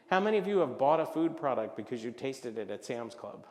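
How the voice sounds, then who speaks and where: A man giving a business presentation at a luncheon, animated and jokey, acting out little voices as he talks. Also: medium pitch, moderate pace, few pauses, long reverb tail. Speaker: luncheon speaker. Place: event hall.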